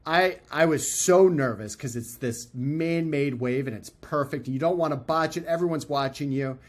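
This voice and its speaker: A man telling a story as a podcast guest, loose and animated, full of fillers and restarts, acting out the people he quotes. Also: fairly high pitch, moderate pace. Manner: animated, acts out quoted voices. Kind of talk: casual storytelling.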